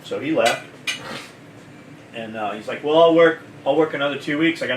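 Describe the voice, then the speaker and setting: A man's voice: mid-range voice, normal speed, long pauses, slight background noise. A man who owns a gear company, telling a story in casual chat, blunt and full of swearing. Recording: echoey room, mic at a distance, faint kitchen clatter.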